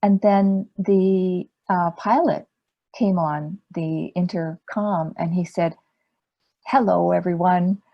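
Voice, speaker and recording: A woman meditation teacher giving a dharma talk in a gentle, unhurried way, asking rhetorical questions. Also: on the low side, steady tone, dull audio.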